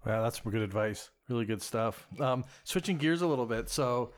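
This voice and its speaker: A man's voice: mid-range voice, animated, moderate pace. A male host asking questions and chatting in a friendly, conversational way during a casual interview.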